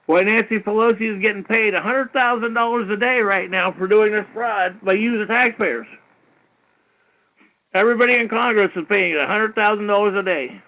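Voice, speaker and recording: High-voiced man lecturing over lo-fi radio. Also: moderate pace. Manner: repetitive, peppered with "you know", swearing; heated and lecturing. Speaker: talk show host. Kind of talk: rambling call-in radio monologue. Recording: dull lo-fi internet radio stream.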